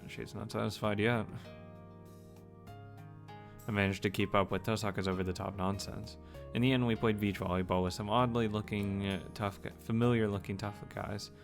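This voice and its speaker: A man's voice: lowish voice, fairly even intonation, moderate pace, creaky, soft background music. A man reading a visual novel aloud for a let's play, breaking in with playful joking asides. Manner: playful, joking commentary between read lines.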